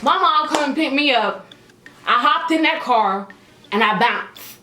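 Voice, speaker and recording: A young woman with a high voice tells a storytime vlog in an echoey room. She is sassy and animated, leaning on slang and acting out what people said. She sounds like she is chatting straight to her viewers. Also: a little slow, a little hiss or hum. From Canada. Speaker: vlogger.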